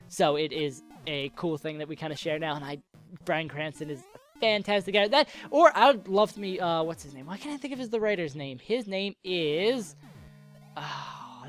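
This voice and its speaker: A young man answering viewer questions in a casual, joking, rambling way while playing a game, coming down with a cold and a sore throat. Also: fairly high pitch. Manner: rambling, joking, self-interrupting.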